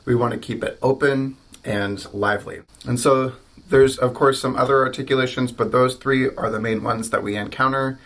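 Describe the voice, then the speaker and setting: A man's voice: medium pitch, fairly even intonation, normal speed, a bit bright. American man teaching trumpet articulation. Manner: demonstrates syllables aloud, clear explanatory tone. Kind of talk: instructional video lesson.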